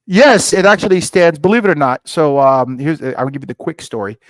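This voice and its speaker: Middle-aged male guest, energetic storyteller who acts out both sides of a conversation, dry close mic. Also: a little high, brisk, dry recording. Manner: lively storyteller, acts out dialogue with rising excitement. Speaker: scotch company founder, guest. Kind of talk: animated storytelling interview.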